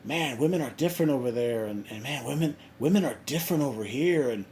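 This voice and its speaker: A man's voice: mid-range voice, lively intonation, quick pace, a little mellow, slight background noise, natural voice. A man quoting a flustered Russian gym-goer. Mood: griping.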